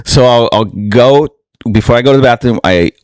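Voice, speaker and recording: A man's voice: mid-range voice, normal speed, a little mellow, no echo, studio quality. A young man co-hosting a casual podcast, rambling through crude stories, laughing and swearing freely. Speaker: podcast co-host.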